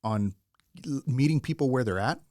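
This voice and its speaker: A man's voice: medium pitch, animated, normal speed, a little mellow. A man, a guest in a casual interview, talking earnestly in a rambling way with frequent restarts. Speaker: guest, general contractor.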